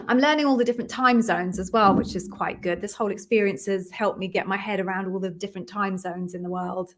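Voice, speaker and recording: A middle-aged woman from London hosting a live stream, chatting warmly with viewers and greeting each by name before explaining her work as an interview coach. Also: mid-range voice, fairly even intonation, fast. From London, England.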